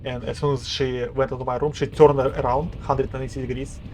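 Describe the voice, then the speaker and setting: A man streams a video game and chats loosely with viewers. He rambles, restarts his phrases and talks himself through the game. His voice has an ordinary middle pitch, with faint background noise. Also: little pitch movement, fairly quick, darkish tone. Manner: rambling, self-talk with restarts. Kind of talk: casual live-stream chat.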